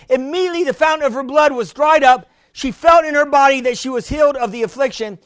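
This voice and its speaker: A man with a strikingly high voice preaches with fervor, stumbling over repeated words as he presses his point. The sound is dry and close, with no room around it. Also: fast talker, few pauses, no echo. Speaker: pastor. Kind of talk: sermon.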